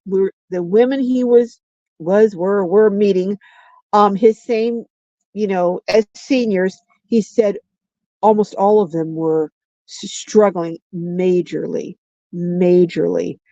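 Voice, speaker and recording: An older woman hosts a casual livestream recorded on her phone, chatting and rambling as she reads viewer comments, often restarting and stretching words out slowly. Her voice is medium-pitched and darkish, with no room sound and the high frequencies cut off.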